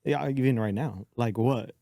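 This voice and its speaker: A man from San Antonio with a Texan accent, co-hosting a comedy podcast and throwing in quick jokes. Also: mid-range voice, creaky, mellow, no room sound, studio quality. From San Antonio, Texas. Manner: quick joking interjections. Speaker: podcast co-host. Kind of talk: casual comedic chat.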